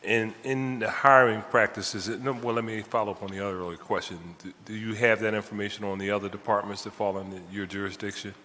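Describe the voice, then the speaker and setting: Deep, bright-toned man pressing a witness. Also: little pitch movement, quick pace, few pauses, a little hiss or hum. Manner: pressing, interrupting, repeats his phrasing. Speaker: city council member questioning a witness. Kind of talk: pointed questioning at a hearing. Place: city council hearing chamber. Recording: reverberant council chamber.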